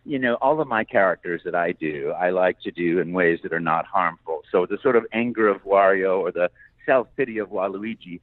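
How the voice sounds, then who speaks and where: A man's voice: low-pitched, fairly quick, no echo. An older man, a voice actor guest, chatting enthusiastically and laughing often in an interview, heard over a tinny phone line. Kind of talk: casual interview chat.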